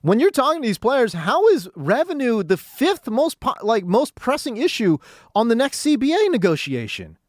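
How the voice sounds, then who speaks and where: A man's voice: very high voice, huge pitch swings, normal speed, no echo. A man hosting a sports talk radio show, ranting in a casual, slangy monologue from the studio.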